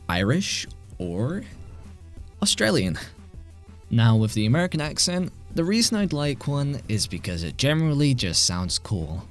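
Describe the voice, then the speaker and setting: A British man talking into a desk mic in a loose, rambling monologue. He swears freely and pokes fun at himself, his pitch sitting in an ordinary middle range. Faint music plays behind him. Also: very animated, a little slow. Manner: rambling, sweary, self-deprecating. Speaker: gaming channel host. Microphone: desk microphone.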